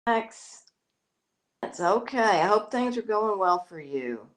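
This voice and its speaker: Slow, lively-pitched chatty woman. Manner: rambling, chatty, many fillers and restarts. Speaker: parrot owner and show host. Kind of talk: casual live-stream chat. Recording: roomy echo.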